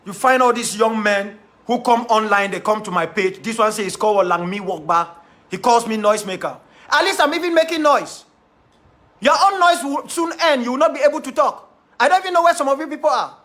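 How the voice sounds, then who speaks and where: An activist leader with a Cameroonian English accent speaks to his followers in an extremely high, slightly bright voice, going a little fast. The monologue is defiant and impassioned, with key phrases repeated for emphasis.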